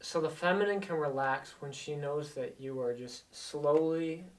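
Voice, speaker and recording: A man talks as a life coach, earnest and insistent, circling back to repeat his main points. His voice sits fairly high for a man. He sounds a little distant, as if set back from the microphone. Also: unhurried. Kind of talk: motivational talk to camera.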